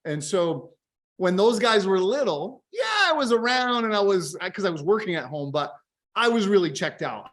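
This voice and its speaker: A man's voice: high voice, moderate pace. A man, a company founder and guest, chatting energetically in a casual interview and often ending his points with "right?". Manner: energetic, tags sentences with "right?".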